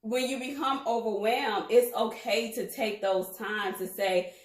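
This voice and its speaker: A woman co-hosting a casual talk, chatty and lively, using slang. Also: fairly high pitch, unhurried, echoey room, poor audio. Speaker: co-host. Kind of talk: casual chat.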